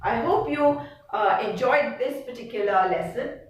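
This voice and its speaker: A woman teacher explains a chemistry lesson in a slightly high voice, slow and deliberate, repeating words for emphasis. She sits back from the mic, and the room is very echoey. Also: distant mic.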